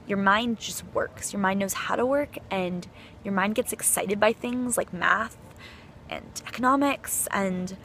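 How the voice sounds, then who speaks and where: A woman's voice: mid-range voice, a little slow, a bit bright, a little hiss or hum. A young woman recording a heartfelt, rambling birthday message for a close friend on her phone, full of fillers and effusive praise. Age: young adult. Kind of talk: heartfelt personal video message.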